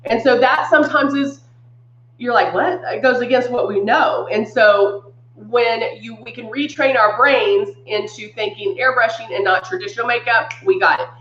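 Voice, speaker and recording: A woman's voice: a little high, normal speed, a bit bright, reverberant, highs cut off, a little hiss or hum. A woman hosting a live makeup demonstration, chatting upbeat with viewers and greeting them by name, a little congested. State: congested from sinus trouble. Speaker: makeup brand live-stream host.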